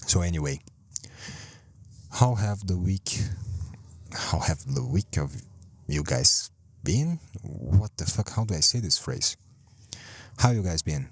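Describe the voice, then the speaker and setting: A man hosting a rambling solo podcast from a parked car, speaking English as a second language, self-deprecating and swearing a lot with halting restarts. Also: deep voice, animated, breathy edge, no echo. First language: not English. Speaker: podcast host.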